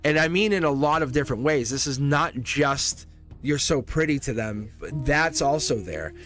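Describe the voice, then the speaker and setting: A man's voice: medium pitch, expressive, moderate pace, fairly bright tone, soft background music. A man reading tarot cards live for his viewers, chatty, laughing often and repeating himself. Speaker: tarot reader, livestream host.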